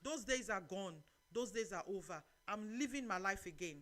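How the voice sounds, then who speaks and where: A middle-aged woman with a Nigerian accent hosting a live church talk show, preaching lively advice and reading out viewer comments. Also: mid-range voice, moderate pace. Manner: lively, preachy, mixes in Nigerian Pidgin phrases.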